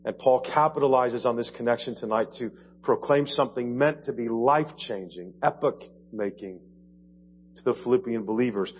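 A man's voice: medium pitch, moderate pace, breathy edge. A man from Ohio preaching a sermon in a church, explaining with conversational asides. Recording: dull lo-fi church audio, faint hum.

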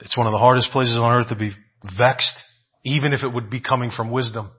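A man's voice: mid-range voice, fairly even intonation, brisk, breathy edge, muffled recording. A man preaching a sermon, asking rhetorical questions, often adding "right?" and repeating phrases for emphasis.

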